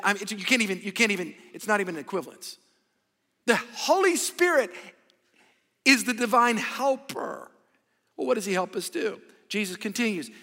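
A man preaching a sermon as pastor, animated and calling on the congregation to answer back. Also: high voice, creaky. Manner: animated, call-and-response with congregation. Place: large church hall. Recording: echoey church hall.

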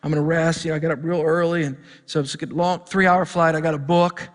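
A man's voice: on the high side, steady tone, quick pace, long reverb tail. A middle-aged male pastor preaching a sermon, telling a story and building to fired-up preaching. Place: church sanctuary.

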